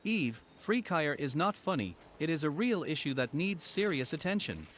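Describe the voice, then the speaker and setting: A woman's voice: sits low, expressive, normal speed, slight background noise, pitched below the performer's own voice. A woman putting on the voice of a stern, serious man who lectures the streamer in a mock-solemn tone.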